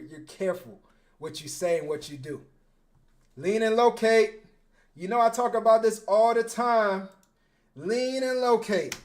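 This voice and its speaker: A young man, a football coach and former defensive back, talking casually on a livestream, animated and slangy, often repeating his words. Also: high-pitched. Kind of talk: casual livestream film breakdown.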